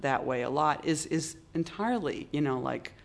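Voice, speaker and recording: Halting, emphatic older poet. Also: medium pitch, animated, gravelly. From Boston, United States. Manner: halting, many restarts, emphatic stresses. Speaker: poet, interview guest. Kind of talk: reflective conversation.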